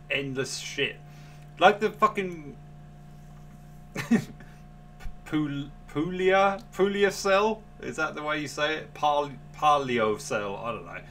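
A man hosts a podcast in casual chat, with a bright, sharp tone. He is laid-back and swears while musing aloud, with a faint hum under his voice. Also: medium pitch. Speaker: podcast host.

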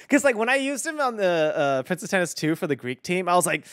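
A man's voice: high-pitched, sing-song, quick pace, fairly bright tone, dry recording, clean studio sound. A young man streaming casually as a voice director. He rambles and swears, with lots of fillers. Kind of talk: casual stream chat while playing.

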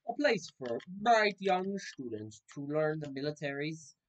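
Playing a video game for his channel, this young man jokes and reacts out loud to the on-screen action in relaxed let's-play style. He speaks at a measured pace in a higher, sing-song voice.

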